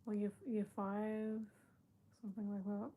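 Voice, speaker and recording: A woman's voice: medium pitch, flat delivery, unhurried, mellow. A young woman, chatting casually with her livestream chat, reading out and answering comments and laughing often. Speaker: livestream host.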